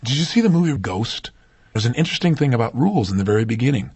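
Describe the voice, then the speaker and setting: A man with a husky, rough-edged voice delivers a motivational talk at a brisk clip. He speaks with emphasis and keeps turning to the listener with rhetorical questions. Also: medium pitch, sing-song, darkish tone.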